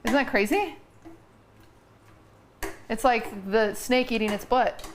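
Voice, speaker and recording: A woman's voice: a little high, takes it slowly, slight background noise. A young woman hosting a cooking livestream, chatting casually with her guest and her chat as she cooks. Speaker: streamer host cooking on stream.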